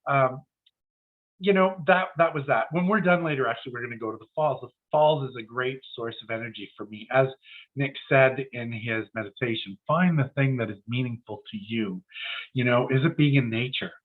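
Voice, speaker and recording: A man's voice: medium pitch, moderate pace, narrow, tinny audio. A man giving a casual, encouraging mid-week sermon in a conversational, anecdotal way. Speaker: spiritual centre speaker.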